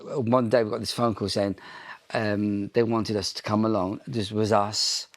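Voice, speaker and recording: A man from Ireland, guest in a relaxed interview, winding through long stories full of ums and false starts. His voice sits fairly low, in a conversational, unhurried telling. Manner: chatty anecdotes, frequent ums and restarts. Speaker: interview guest, pop singer. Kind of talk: casual interview storytelling.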